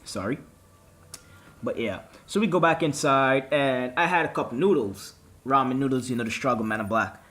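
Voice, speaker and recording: A man's voice: mid-range voice, moderate pace. A young man hosting a vlog, telling a story casually, with lots of swearing and acted-out quotes. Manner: animated, profane storytelling with quoted dialogue. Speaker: gaming channel host.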